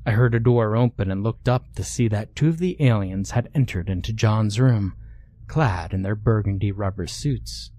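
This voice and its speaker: A man narrating a scripted horror story in a measured, hushed storytelling way. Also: on the low side, no room sound.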